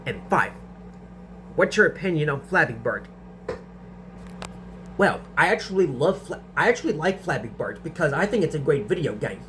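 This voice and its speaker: A young man with a slightly high voice answers viewer questions in a casual vlog. He stumbles, repeats words and restarts his sentences as he goes, over a faint steady hum. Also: normal speed, long pauses. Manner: stutters and restarts sentences often.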